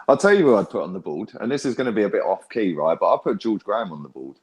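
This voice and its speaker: A young man, talking in a lowish voice. He hosts a fan chat and rants loudly with heavy swearing. His speech is animated, with frequent tag questions thrown in. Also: fast talker. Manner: loud, sweary, animated ranting. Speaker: fan channel host. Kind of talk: heated casual fan chat.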